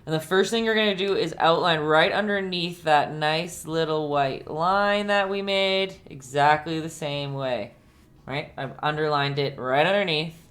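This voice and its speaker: A young woman with a low voice leads a casual live-streamed painting lesson. She chats easily with her viewers, calls them by name and laughs a lot between steps. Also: a little slow, fairly bright tone. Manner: chatty, laughs often, talks to viewers by name. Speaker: painting instructor. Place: home painting setup.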